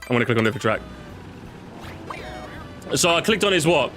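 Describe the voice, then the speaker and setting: A man's voice: medium pitch, animated, brisk, fairly bright tone. A young man chatting casually with viewers as he plays, rambling and swearing freely, with game music behind him. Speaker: streamer. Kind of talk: casual gaming commentary.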